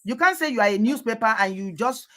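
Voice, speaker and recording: A woman's voice: on the high side, expressive, quick pace, a bit bright. Insistent woman blogger. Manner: insistent, defensive, repeats herself. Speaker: blogger hosting a live stream. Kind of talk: heated live-stream discussion.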